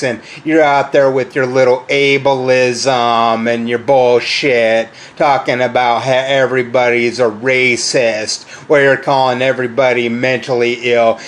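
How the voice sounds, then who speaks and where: A middle-aged man hosting his channel, delivering a combative, sarcastic rant that mocks his critics. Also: medium pitch. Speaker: channel host. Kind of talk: ranting monologue to camera.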